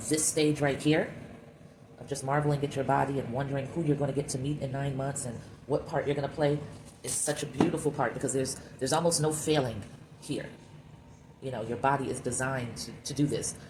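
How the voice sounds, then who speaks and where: A woman sculpting clay while she talks candidly and reflectively to her viewers, calling them y'all. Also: a bass voice. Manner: candid and reflective, musing aloud. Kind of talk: casual talk while sculpting. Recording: steady background noise.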